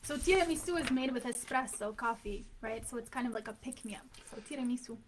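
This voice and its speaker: A woman joins a casual chat as a guest, laughing easily and explaining words. Her voice is fairly high. Crowd noise can be heard clearly behind her. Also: animated, brisk.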